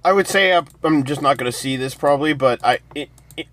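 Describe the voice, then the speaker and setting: A man's voice: a little high, brisk, a bit bright. A man co-hosting a movie review podcast, rambling casually with lots of "like". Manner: rambling, exasperated, says "like" a lot. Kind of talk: casual chat.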